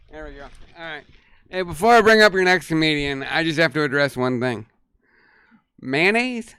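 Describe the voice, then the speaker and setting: Bright high-voiced comedy emcee. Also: male voice, clean tone, no room sound. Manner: loose, joking, swearing between acts. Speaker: show emcee. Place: outdoor stage.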